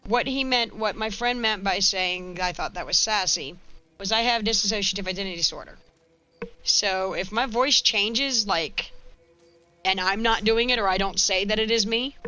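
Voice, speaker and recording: Bright-voiced woman rambling away while she plays a western game, super casual. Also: mid-range voice, rough recording. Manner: rambling, chatty, frank. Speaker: gaming streamer. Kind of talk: casual let's-play chat.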